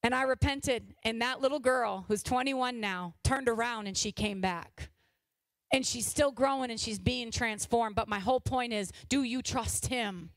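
A high-pitched woman in her forties preaches with fervent, exhorting energy, leaning in with loud urging and then dropping to a hushed, confessional tone. Her voice sits close and dry, with almost no room sound around it. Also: a little slow, no echo. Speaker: pastor's wife preaching. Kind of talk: sermon.

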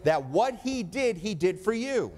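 Male preacher, slightly high voice, emphatic sermon delivery with call-and-response. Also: sing-song, a little slow, a little mellow. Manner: emphatic preaching, asks congregation for amen.

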